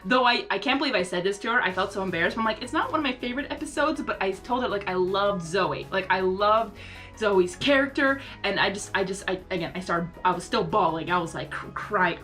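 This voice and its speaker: A young woman telling a personal story to her viewers in an excitable, gushing way, full of fillers and restarts. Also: mid-range voice. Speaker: vlogger. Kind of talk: casual storytelling.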